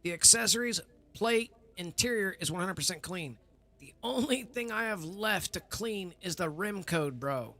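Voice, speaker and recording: High-voiced bright man streaming casually. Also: animated, moderate pace. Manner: rambling, swears casually, talks to chat. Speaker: livestream host. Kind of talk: casual livestream chat.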